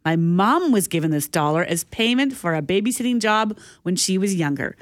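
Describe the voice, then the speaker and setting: A woman's voice: medium pitch, expressive, normal speed, no room sound, clean studio sound. A woman co-hosting a morning radio show, chatting in a playful, reminiscing way. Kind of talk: casual radio chat. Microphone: studio microphone.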